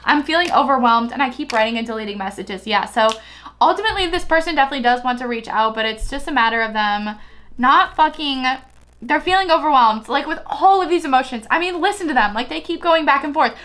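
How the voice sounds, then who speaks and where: A woman's voice: high-pitched, expressive, fast talker, a bit bright. A young woman giving a casual tarot reading, chatty and giggly, swearing freely as she talks. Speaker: tarot reader.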